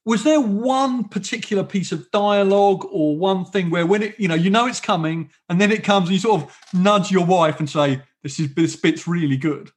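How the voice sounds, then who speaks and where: A man's voice: high voice, moderate pace, few pauses, husky. A man hosting a podcast interview, talking in a rambling, self-correcting way as he tells stories and asks questions. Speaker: podcast host. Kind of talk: casual interview chat.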